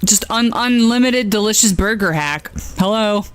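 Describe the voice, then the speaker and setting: An American woman streams a video game and chats casually, wandering into rambling asides and laughing often. Her mid-range voice is clear and resonant, and she speaks a little slowly.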